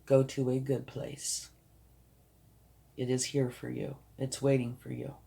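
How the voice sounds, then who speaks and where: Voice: mid-range voice, completely flat delivery, a little slow, vocal fry, warm tone, husky. A tarot card reader giving a reassuring, emphatic reading, sometimes dropping to a whisper for emphasis.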